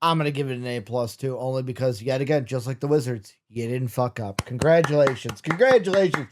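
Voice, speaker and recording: A man's voice: mid-range voice, fairly quick, noisy background. A man hosting a casual sports chat, loose and joking, who drops the odd swear. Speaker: host.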